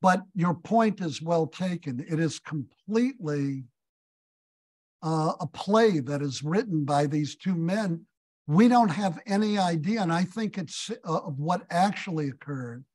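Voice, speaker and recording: A man giving a lecture as a visiting scholar, telling stories and leading an audience discussion with thoughtful pauses. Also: a little high, animated, darkish tone, poor audio. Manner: storytelling, thoughtful, hesitant fillers. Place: synagogue hall.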